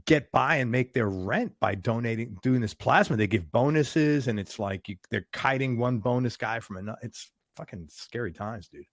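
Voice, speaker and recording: A man's voice: mid-range voice, moderate pace, few pauses, no echo, clean studio sound. A man hosting a casual interview, chatting and swearing freely. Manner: casual, profane, gravelly. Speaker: host.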